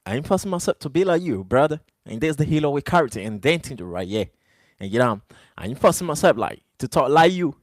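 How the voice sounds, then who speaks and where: Male streamer, non-native English speaker, defiant live rant to chat, pitched a bit high and very animated, dry close sound. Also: fast talker, no echo. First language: not English. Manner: defiant, repeats "brother" and "you know". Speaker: livestreamer.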